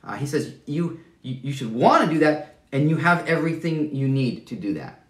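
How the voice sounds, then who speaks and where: Lively conversational pastor, roomy and distant. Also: male voice, medium pitch, normal speed. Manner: conversational, self-deprecating, frequent restarts and stammers. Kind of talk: sermon.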